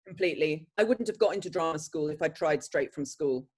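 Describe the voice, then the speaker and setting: Animated actress telling stories. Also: female voice, low voice, fairly quick, husky. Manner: animated storyteller, breaks into laughter. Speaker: actress guest. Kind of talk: conversational interview, anecdotes.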